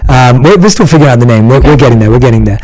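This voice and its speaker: A man's voice: mid-range voice, expressive, rapid-fire, darkish tone, rough recording. A man hosting a podcast, chatting casually and self-deprecatingly, laughing often and restarting his sentences. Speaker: podcast host. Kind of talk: casual interview chat.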